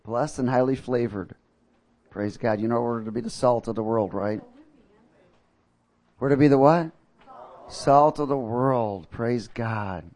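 A male pastor leading prayer and preaching a sermon to a congregation, telling a personal story with fervent bursts of loud exclamation. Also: medium pitch, unhurried, pauses often.

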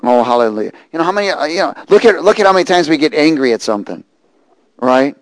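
A preacher man reads scripture and tells a story from his own life. His voice sits fairly high, and the sound is dry and close. He tells the story with lively energy. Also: quick pace, no room sound, rough recording. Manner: animated storytelling, rising to shouts and laughter. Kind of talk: sermon with personal story.

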